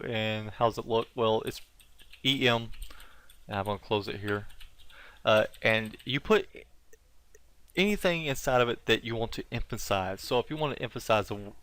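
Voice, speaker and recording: A man with a mid-range voice talks through coding steps in a relaxed, unscripted way. He pauses often, fills gaps with "uh" and corrects himself mid-sentence. Keyboard clicks sit behind his voice. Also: mid-range voice, clear, resonant tone. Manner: casual, halting, many fillers and self-corrections. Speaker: tutorial instructor. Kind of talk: unscripted screen-recorded coding tutorial.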